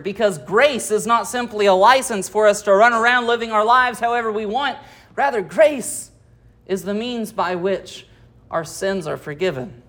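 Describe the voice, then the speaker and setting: This expository sermon comes from a pastor with a medium pitch and a fairly bright tone. After reading verses aloud, the preacher unpacks them and asks the listeners rhetorical questions.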